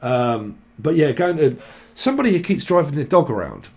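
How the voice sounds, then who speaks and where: A man's voice: fairly high pitch, very animated, normal speed, a little mellow. A man reads tarot in a rambling, stream-of-thought way. He hops from name to name and word to word, tossing in jokes as he goes. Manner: free-associating, joking, lists names and words. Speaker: tarot reader. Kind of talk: rambling channeled tarot reading.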